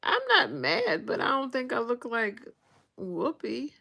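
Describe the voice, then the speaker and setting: An older American woman talks slowly and unhurriedly to her livestream viewers from her bedroom, her voice bright and clear. She chats loosely and reads out viewer names as she goes, picked up by her phone. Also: on the high side, big pitch swings. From United States. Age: 60s. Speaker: vlog host. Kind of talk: casual livestream chat.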